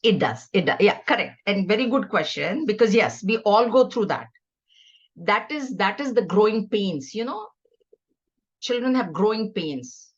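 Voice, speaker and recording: A woman's voice: mid-range voice, animated, a little slow, husky, lo-fi sound. A middle-aged woman giving a scripture class, teaching earnestly and conversationally with stories. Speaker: spiritual teacher.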